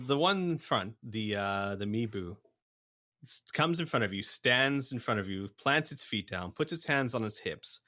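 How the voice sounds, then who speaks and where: A man narrating a tabletop game as game master, halting and full of fillers. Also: medium pitch, pushed and bright.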